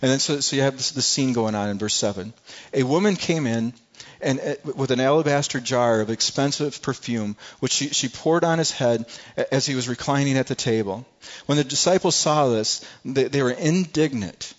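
A man's voice: mid-range voice, brisk, muffled recording. A man preaching a sermon in a conversational way, often repeating words and acting out what people in the story said. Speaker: pastor.

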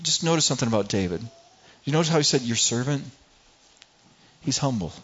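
A man's voice: medium pitch, lively intonation, a little fast, fairly bright tone, husky, highs cut off. Man preaching a conversational sermon. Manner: conversational preaching, acts out everyday people, frequent repeats. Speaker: pastor.

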